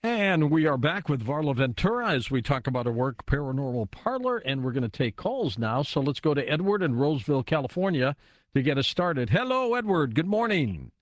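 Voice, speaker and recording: A man's voice: on the high side, very animated, fairly quick, no echo. Male talk-radio host, dry close studio sound, easygoing. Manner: easygoing, brief reactions. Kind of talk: late-night talk radio hosting. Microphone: studio microphone.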